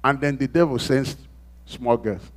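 A man preaching a sermon, dramatically acting out quoted voices and swinging from loud exclamations to hushed asides. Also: mid-range voice, a little slow.

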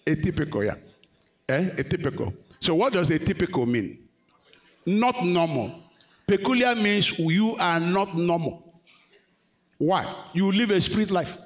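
A man's voice: high voice, animated, measured pace, pauses often. A man preaching a sermon, questioning the congregation and rising to emphatic peaks. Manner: call-and-response, questioning the congregation.

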